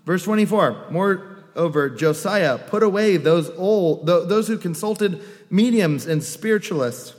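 High-voiced man preaching in a reverberant hall. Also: measured pace. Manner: animated, joking asides and acted quotes. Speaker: pastor. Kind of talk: sermon.

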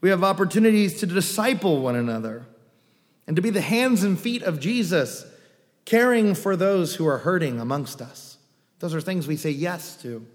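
A man preaching a sermon as pastor, animated, with joking asides and quoted voices. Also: high-pitched, moderate pace. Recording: long reverb of a hall.

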